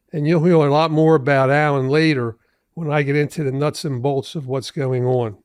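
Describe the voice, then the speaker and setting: A man in his seventies, a trial lawyer hosting his own podcast, telling stories from his cases in a measured, deliberate way. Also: on the high side, smooth, no room sound, studio quality. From Philadelphia area. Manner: measured, deliberate storytelling with asides. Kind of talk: storytelling podcast monologue.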